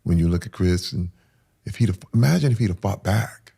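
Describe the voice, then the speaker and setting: A middle-aged man with a very deep, gravelly and husky voice recounts a painful personal story as an interview guest. He swings from hushed, whispered lines to sudden loud outbursts, speaking with raw intensity. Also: lively intonation, fairly quick.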